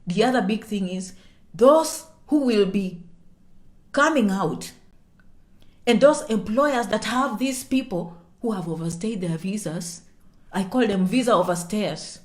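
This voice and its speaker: With a mid-range voice and measured pace, this woman breaks down immigration news for her audience in an easygoing way. "Okay?" comes up again and again, and her animated volume shifts from loud to hushed whenever a topic gets delicate.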